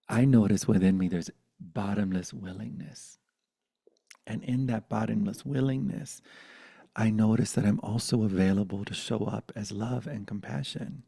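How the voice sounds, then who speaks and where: A man's voice: fairly low pitch, vocal fry, mellow, husky, dry recording. A man giving a satsang talk as a spiritual teacher, playful and prone to bursting into silly voices.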